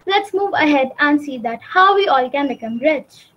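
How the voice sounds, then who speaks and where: Teen girl from india announcing the next storyteller, high voice, reads it out formally. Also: expressive, normal speed, muffled recording. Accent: Indian English. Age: teens. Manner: scripted, formal introductions. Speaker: student host.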